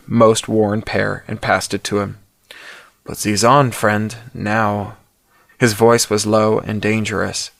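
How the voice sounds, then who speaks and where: A man narrating a first-person story in a steady, wry reading. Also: fairly low pitch, dry recording. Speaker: audiobook narrator.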